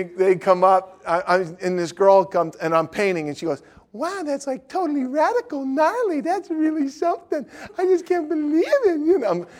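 Man, high voice, animated teaching talk, frequent laughter. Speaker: evangelism trainer.

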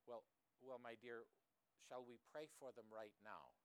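Frail kindly old missionary woman, gentle and soft-spoken; a man reads her in his own voice. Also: mid-range voice, fairly even intonation, measured pace, smooth, lightly acted.

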